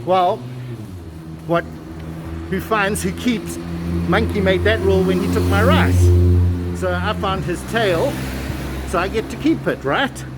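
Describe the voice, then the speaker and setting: A man's voice: sits high, sing-song, measured pace, pauses often, loud music behind the voice. A man voicing a clever, stubborn female tortoise in a folk tale, arguing her case. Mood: smug. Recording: street traffic noise behind.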